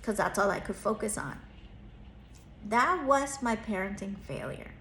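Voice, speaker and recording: A woman's voice: mid-range voice, animated, a little slow, sharp tone, reverberant, a little hiss or hum. A woman in her thirties, a therapist and parenting coach, telling a personal story in an earnest, reflective way, lifting her voice when she acts out quoted lines.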